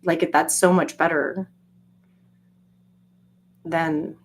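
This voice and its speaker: A woman in a casual solo monologue, ranting profanely with lots of fillers and acting out quoted voices. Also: takes it slowly. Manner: profane, animated, jokey rants with frequent fillers; acts out quoted voices with jumps in pitch. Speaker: solo vlogger.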